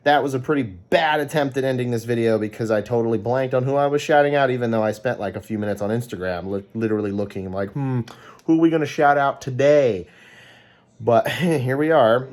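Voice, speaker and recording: A man with a Californian American accent talks through a casual vlog sign-off. He rambles and often stops to correct himself, with plenty of ums along the way. His voice sits in an ordinary middle pitch. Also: quick pace, hardly any pauses, darkish tone. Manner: rambling, chatty, with frequent ums and self-corrections. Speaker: vlogger.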